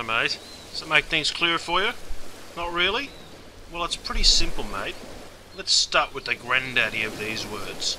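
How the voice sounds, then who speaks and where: An Australian man hosts a jokey slang lesson, chummy and playful. His voice is very bright and forward. A faint hum of background noise sits under him. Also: medium pitch. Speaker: host teaching Aussie slang. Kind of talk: comic scripted lesson.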